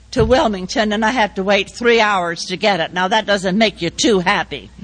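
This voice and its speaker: An older woman giving a speech, telling a personal story and acting out the dialogue in a measured way. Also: mid-range voice, a bit bright, rough recording. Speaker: speaker.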